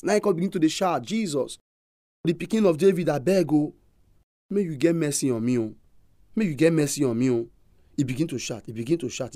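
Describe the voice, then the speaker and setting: Nigerian pastor, man, high and dark-toned, repetitive emphatic preaching. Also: no echo, studio quality. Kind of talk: preaching sermon in Pidgin.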